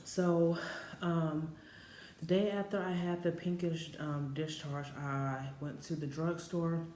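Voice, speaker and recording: Speaking slowly to camera, a vlogger in her late twenties rambles through a personal story, filling it with "um"s and similar fillers. She has a low, mellow voice with a steady tone, recorded in a roomy, echoey space with faint background noise.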